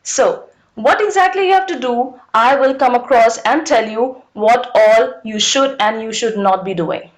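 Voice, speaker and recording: A woman's voice: fairly high pitch, unhurried, few pauses. A woman leading an online public speaking workshop, emphatic and repetitive, asking the audience rhetorical questions over a video call.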